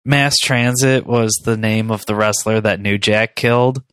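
Lower-voiced man trading wrestling trivia. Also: fairly even intonation, measured pace, a bit bright, clean tone, no echo, studio quality. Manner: chimes in with fun facts and trivia. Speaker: podcast co-host. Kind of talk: casual wrestling chat.

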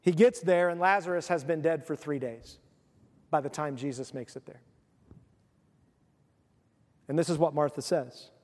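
A male pastor preaching a sermon, telling the story with animated, acted-out voices. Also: a little high, normal speed, pauses often, in a large hall.

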